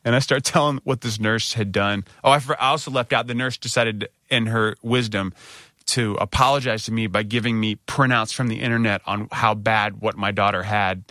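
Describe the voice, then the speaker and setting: A man telling a long personal story in casual chat, raspy from a cold and animated, jumping his voice up high when he quotes people. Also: normal speed, no room sound, studio quality. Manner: animated, acts out quoted lines in a higher voice.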